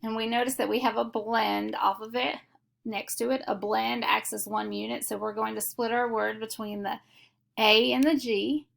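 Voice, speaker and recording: A woman teaching a phonics lesson, explaining each step slowly and methodically. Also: a little high, steady tone, gravelly, fairly bright tone. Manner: slow, deliberate, methodical explanation.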